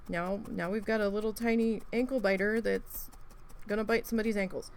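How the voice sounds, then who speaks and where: A woman's voice: mid-range voice, fairly even intonation, fairly quick, a little hiss or hum. A woman chatting casually at home while needle felting, rambling through stories, swearing freely, and acting out her own reactions. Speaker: crafting video host. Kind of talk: casual chat while crafting.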